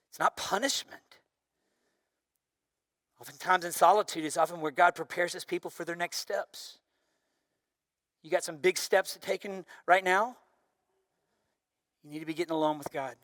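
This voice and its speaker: A young man preaching a sermon with a bright, forceful tone. He shifts from loud, shouted bursts to soft, hushed passages. The recording is dry and close, with no room echo. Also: a little high. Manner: animated, swings from shouting to hushed. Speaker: pastor.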